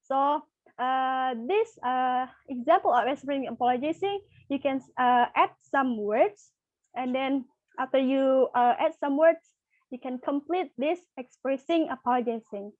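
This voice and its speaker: A young woman teaching a practice lesson in a high voice, pausing often and filling gaps with fillers. She speaks slowly and keeps restarting her sentences. The sound is dull and dry. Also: a little mellow, no echo. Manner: halting, many fillers and restarts. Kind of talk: microteaching English lesson.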